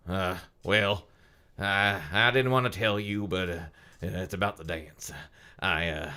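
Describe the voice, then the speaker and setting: Guy putting on a sulky southern teen boyfriend, mumbly, all uhs and stalling, kinda low. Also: unhurried, sharp tone, clear, resonant tone. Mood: evasive. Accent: rural Southern American. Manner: hesitant, stammering, full of uhs. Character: sulky, jealous teenage boyfriend, mumbling excuses.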